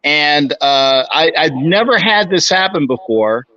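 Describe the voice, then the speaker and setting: A man's voice: a little high, animated, unhurried, sharp tone. A man in his sixties, a guest chatting casually and humbly, talking into his phone. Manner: humble, chatty, self-deprecating. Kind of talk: casual interview chat. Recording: muffled phone audio.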